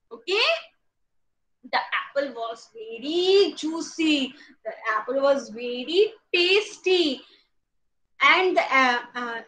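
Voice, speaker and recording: A woman's voice: high-pitched, poor audio. A woman with an Indian English accent, telling a story and asking questions as a nursery teacher. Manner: animated, acts out sneezes and sounds, asks kids questions. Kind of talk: storytelling to young children in an online class.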